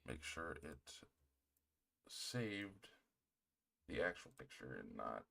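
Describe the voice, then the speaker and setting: A man's voice: extremely low pitch, animated, moderate pace, gravelly, a bit bright. A man streaming a video game, muttering casual, mildly grumbling remarks as he plays. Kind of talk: casual gameplay commentary. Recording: streaming mic with background noise.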